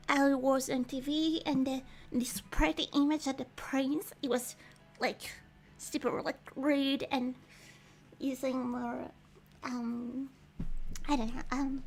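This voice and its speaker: Giggly high-voiced woman streamer. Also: rough recording. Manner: chatty and giggly, thinking aloud with many restarts. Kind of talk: casual livestream commentary.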